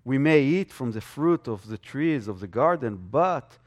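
A man's voice: medium pitch, expressive, a little slow. A man preaching a sermon with strong emphasis, his voice swelling and dropping.

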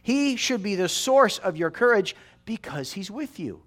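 A man in his forties delivers a sermon in a fairly high voice. His pitch swings widely as he drives his points home. He repeats phrases for weight and keeps asking his listeners "right?". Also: very animated, unhurried, a bit bright. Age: 40s. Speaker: pastor.

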